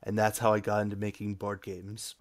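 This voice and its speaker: A man from Massachusetts, a game designer, talking casually as a guest in an interview, relaxed and hesitant with frequent ums. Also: lowish voice, a little fast. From Massachusetts, USA.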